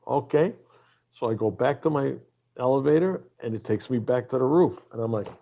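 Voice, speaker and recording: A touring male DJ telling a story in casual chat, animated and profane. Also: mid-range voice, a little fast, creaky, lo-fi sound.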